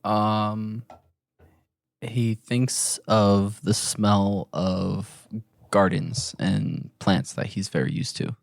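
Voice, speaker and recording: A man playing a tabletop game, answering slowly and thoughtfully. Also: lowish voice, steady tone, creaky, no room sound, clean studio sound. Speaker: player. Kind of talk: tabletop role-play.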